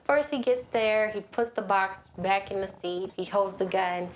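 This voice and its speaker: Animated woman recapping a movie. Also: medium pitch, moderate pace, a little hiss or hum. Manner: animated, acts out character voices. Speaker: podcast host.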